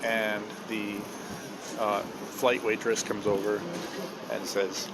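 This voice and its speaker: Rambling, sardonic man over loud road noise. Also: fairly low pitch, flat delivery, slow. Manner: rambling, sardonic, swears freely, many uh and um. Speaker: vlogger. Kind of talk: casual storytelling. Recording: loud vehicle noise behind.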